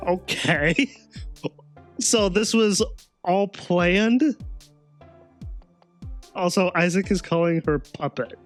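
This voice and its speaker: A man hosting a let's play, commenting casually on gameplay, chuckling often and halting with fillers. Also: sits high, faint music behind.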